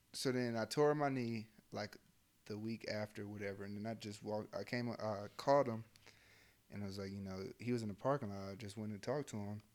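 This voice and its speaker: A man's voice: on the low side, a little mellow. A young adult man, a soldier, talking bluntly and heatedly in casual chat, with lots of fillers and swearing. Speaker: army soldier, podcast co-host.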